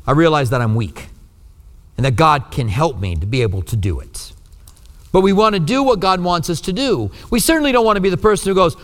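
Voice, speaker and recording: A man preaching a sermon as pastor, earnest, his voice swinging between strong emphasis and hushed, low passages. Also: expressive, brisk, big-room sound.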